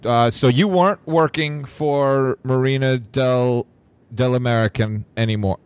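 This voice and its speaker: A man's voice: mid-range voice, a little slow, clean tone. A man hosts a casual podcast interview and mostly listens. He drops in brief acknowledgements and follow-up questions. His voice is recorded close and dry, with no room echo. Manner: attentive, short prompts and follow-up questions. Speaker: podcast host.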